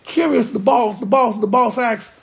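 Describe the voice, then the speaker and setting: A pastor preaching a sermon with impassioned, drawn-out emphasis. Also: mid-range voice, gravelly.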